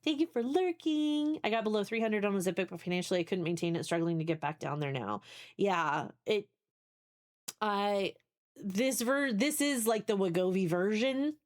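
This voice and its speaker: A woman's voice: medium pitch, normal speed. Candid, rambling woman streamer in her forties. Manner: candid, rambling, thinks aloud with many restarts. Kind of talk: casual chat.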